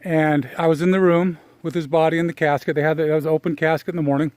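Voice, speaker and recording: A middle-aged man with a somewhat high voice tells a deeply personal story in a reflective, halting way, pausing and restarting often. His sound is dry and close. He is talking while walking outdoors. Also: level tone, a little mellow, smooth, no room sound. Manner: emotional, reflective, halting with fillers. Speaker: personal development speaker.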